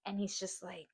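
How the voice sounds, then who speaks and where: A woman's voice: fairly low pitch, creaky, no room sound, studio quality. A young woman telling a story in a heated, casual rant, swearing a lot and laughing between lines. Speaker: host.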